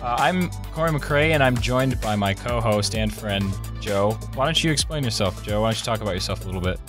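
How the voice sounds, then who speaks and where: Low-voiced young man hosting a chat. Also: brisk, music in the background. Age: young adult. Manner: relaxed, rambling, frequent fillers. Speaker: podcast host. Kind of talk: casual chat. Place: college campus.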